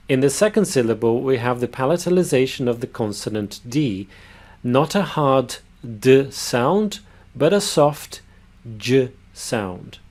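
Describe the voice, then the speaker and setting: A man giving a pronunciation lesson, sounding out words slowly and carefully. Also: medium pitch, darkish tone. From Brazil. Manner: slow, careful demonstration of words. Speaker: language teacher.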